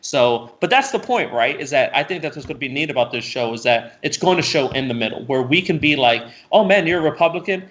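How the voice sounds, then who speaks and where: A man co-hosting a casual political talk show, animated and ranting, who repeats words and restarts often. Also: medium pitch, fairly quick, few pauses. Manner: laughs often, swears casually. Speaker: co-host.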